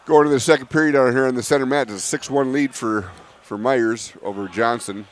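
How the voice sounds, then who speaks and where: A middle-aged man co-commentating a wrestling meet, giving score updates and short agreements. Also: mid-range voice. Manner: terse, quick agreements.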